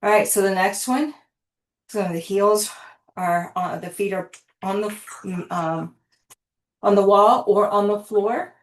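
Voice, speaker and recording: Slow-talking winded woman fitness coach. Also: medium pitch, slight background noise. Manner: encouraging, breathy exclamations between cues. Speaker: fitness instructor. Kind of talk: live workout coaching.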